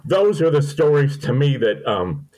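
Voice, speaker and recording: Older male podcast guest, folksy and sentimental storyteller, mid-pitched. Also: big pitch swings, unhurried, darkish tone, low-quality recording. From Missouri. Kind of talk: storytelling interview.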